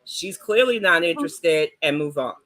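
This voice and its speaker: Outspoken middle-aged New woman panelist, bright and forceful tone, plain-spoken. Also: low voice, expressive, moderate pace. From New York. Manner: blunt and outspoken. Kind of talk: casual panel chat.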